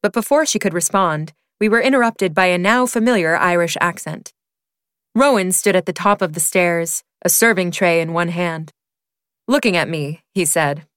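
A woman's voice: on the low side, normal speed, fairly bright tone, smooth, dry recording. A woman reading a romance novel aloud in first person, with a wry, dry delivery. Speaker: audiobook reader. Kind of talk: narrating a romance novel excerpt.

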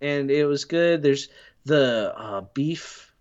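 A man's voice: a little high, slow, a little mellow, clean tone. Man, podcast guest, rambling storyteller, self-deprecating, slightly dull lo-fi audio. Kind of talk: casual podcast chat.

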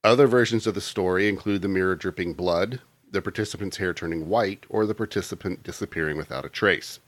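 A man's voice: low voice, fairly quick, no room sound. A man hosting a casual podcast, reading notes aloud between jokes. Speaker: podcast host reading the lore.

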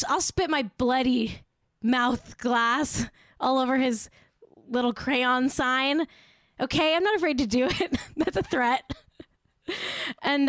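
A woman hosting a comedy podcast, delivering a sarcastic, exaggerated rant with deadpan asides. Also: medium pitch, smooth, dry recording, studio quality. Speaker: podcast host.

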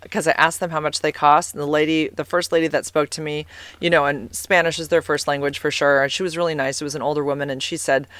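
In her forties and from California, this woman vlogs to camera with a low-pitched, slightly bright voice and no room sound. She rambles through casual personal stories, full of fillers and "like"s.

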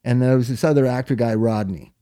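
A man's voice: mid-range voice, fairly quick, warm tone. Profane rambling storyteller, a man. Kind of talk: casual chat.

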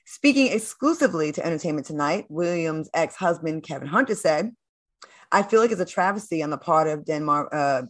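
A woman's voice: lowish voice, fairly bright tone. A woman hosting a chat show, reading news items and putting questions to her co-hosts. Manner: steers the talk, poses questions. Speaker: host.

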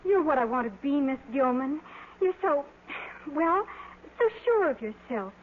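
A woman's voice: high voice, animated, measured pace, narrow, tinny audio. An actress playing a blunt, nosy teenage girl in a 1940s radio play, earnest and girlish, on a scratchy old broadcast.

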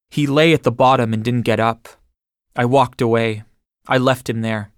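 A man reading a first-person memoir aloud in a measured way. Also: mid-range voice, fairly even intonation, clear, resonant tone, dry recording, clean studio sound. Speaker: audiobook narrator.

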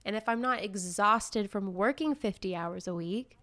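A woman's voice: mid-range voice, moderate pace, a bit bright. Candid young woman podcast co-host. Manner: reflective, candid, talks through her feelings. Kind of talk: casual podcast chat.

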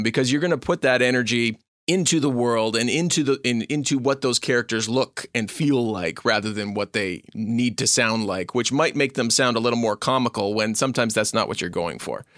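A man co-hosting a podcast, chatting casually about tabletop games in an easygoing, halting way. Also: mid-range voice, a bit bright, no echo, studio quality. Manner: easygoing, halting, many fillers. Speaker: podcast co-host. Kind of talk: casual chat.

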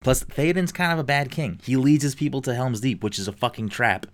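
A man's voice: mid-range voice, lively intonation, a little fast. A man chatting casually and enthusiastically, swearing often and using lots of fillers. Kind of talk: casual podcast chat.

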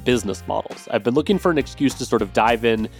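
A man's voice: medium pitch, lively intonation, fast talker, faint music behind. A man hosting a podcast in a casual, chatty way, with loose phrasing and hedging fillers. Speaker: podcast host.

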